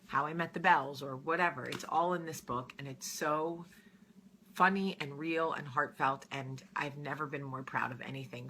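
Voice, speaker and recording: A woman's voice: very deep voice, pushed and bright, a little hiss or hum. A woman from New Jersey hosting her own show, talking to camera in an earnest, heartfelt, conversational way as she gives advice. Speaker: host. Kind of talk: casual chat to camera.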